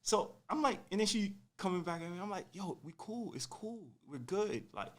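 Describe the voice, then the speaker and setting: A young man casually telling a personal story on a podcast, animated and full of slang, acting out what people said. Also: high-pitched, moderate pace. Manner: animated, slangy, acts out quotes.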